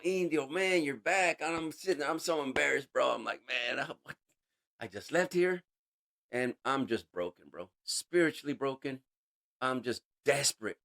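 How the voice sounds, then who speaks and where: A man giving an emotional personal testimony as an interview guest, halting and casual, with street slang. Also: mid-range voice, fairly bright tone. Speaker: interview guest sharing a recovery story.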